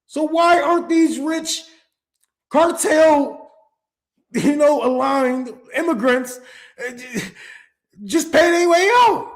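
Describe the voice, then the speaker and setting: A young man launches into a heated, profane rant, stumbling and restarting as he lurches from loud outbursts to low muttering. His delivery is slow, with long pauses throughout this ranting monologue.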